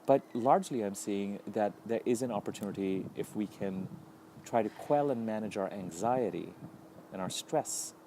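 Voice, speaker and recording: A man giving a solo astrology update, thoughtful and unhurried, listing ideas in repeated phrases. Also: lowish voice, dark tone, slight background noise.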